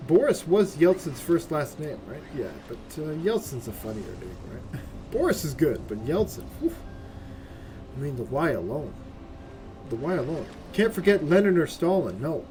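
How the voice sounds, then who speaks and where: Over game music, this man streams gameplay with loose, swearing banter, tacking "right?" onto many remarks. He sounds fairly high and very animated yet unhurried, with a darkish tone and faint hiss or hum.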